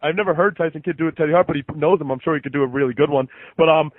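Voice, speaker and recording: A man hosting a podcast, telling animated, profane stories in casual chat. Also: a little high, very fast, no room sound. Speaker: podcast host. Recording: dry, tinny phone-like sound.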